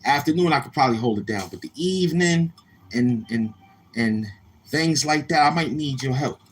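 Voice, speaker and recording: A man's voice: medium pitch, moderate pace. Loose, streetwise male livestream host. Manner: loose, streetwise, goes from laid-back to loud and animated. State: a little tired. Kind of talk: casual livestream talk. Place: outdoors near a street, car noise heard.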